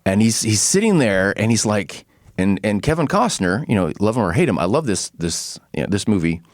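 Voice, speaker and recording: A man's voice: on the low side, brisk, no echo, studio quality. A man hosting a podcast, telling stories casually and acting out quotes with frequent laughs. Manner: animated storyteller, acts out quotes, laughs often. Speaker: podcast host.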